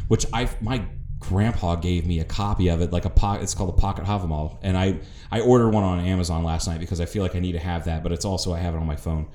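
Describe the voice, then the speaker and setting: A man's voice: sits low, steady tone, quick pace, hardly any pauses, dark tone, slight background noise. A man from the northern United States co-hosting a podcast in casual chat, rambling through tangents and swearing freely. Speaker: podcast co-host. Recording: roomy echo.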